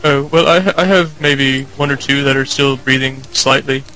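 A man doing deadpan, subdued comedic commentary over a video game in a flat monotone. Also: mid-range voice, moderate pace, low-quality recording. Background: faint game music.

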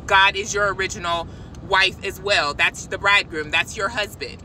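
A woman giving an excited, preachy spiritual message to her viewers from a parked car, calling them y'all. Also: mid-range voice, normal speed, a little hiss or hum, low-quality recording. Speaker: christian vlogger. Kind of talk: casual spiritual vlog. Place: parked car outside a shop.

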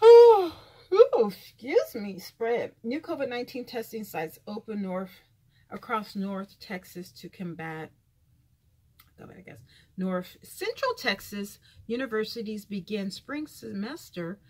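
A woman's voice: mid-range voice, very animated, unhurried. A woman vlogger reading news headlines aloud and adding blunt, profane comments with sighs and asides.

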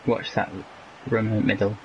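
A man's voice: on the low side, level tone, normal speed, a little hiss or hum. A man in casual game chat, encouraging and coaching his teammates with short calls during an online football match. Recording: dull lo-fi audio.

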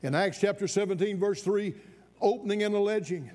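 A man preaches from the pulpit in a high voice. He tells his story at an easy pace, then climbs to fervent, ringing emphasis. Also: brisk, darkish tone. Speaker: pastor. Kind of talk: sermon storytelling.

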